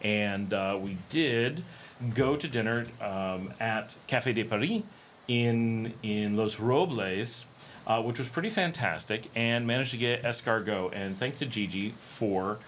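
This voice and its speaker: This livestream host, a middle-aged American, speaks a little slowly in a lowish, somewhat bright voice. His casual talk is rambling and peppered with ums and restarts, over slight background noise.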